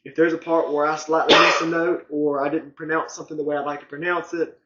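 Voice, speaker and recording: A man's voice: a little high, little pitch movement, quick pace, sharp tone, reverberant, dull audio, slight background noise. A young man hosting a casual interview, asking friendly, engaged questions. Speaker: host.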